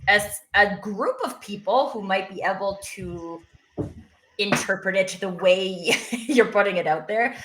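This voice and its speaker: A woman's voice: mid-range voice, unhurried, roomy sound, noisy background. A woman co-host chatting casually, with lots of hedging fillers. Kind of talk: casual chat.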